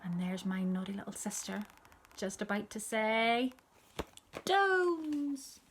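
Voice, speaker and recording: A woman reading a children's story aloud, expressive and dropping to a hushed whisper for asides. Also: medium pitch, moderate pace, a little hiss or hum.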